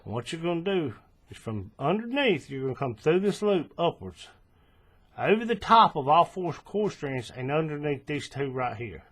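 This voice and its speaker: Husky-voiced man talking through a craft. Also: on the high side, normal speed. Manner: relaxed, checks in with "right?" and self-corrects. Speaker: crafting tutorial host. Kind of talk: step-by-step hands-on instruction. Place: indoors at a table, working close to the camera.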